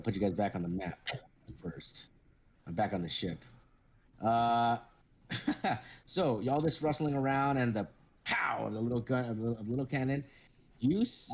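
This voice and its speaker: A man's voice: medium pitch, darkish tone, breathy edge, lo-fi sound. A man narrating a tabletop game as game master in a loose, casual way.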